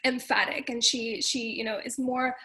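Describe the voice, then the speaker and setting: A woman with a somewhat high voice, talking through a dance piece on a panel. She explains things step by step, thoughtful and loose, with plenty of fillers as she goes. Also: fairly even intonation, moderate pace, bright, forceful tone, low-quality recording. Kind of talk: casual panel discussion.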